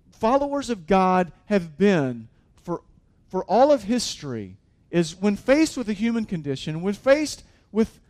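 A man's voice: high voice, a little mellow. A man, a pastor, preaching a sermon in an earnest, conversational way.

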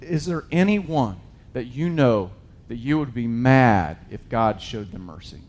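In this sermon, a man reads scripture and paraphrases it casually, his medium-pitched voice expressive and a little slow. He alternates between loud, emphatic bursts and quiet asides.

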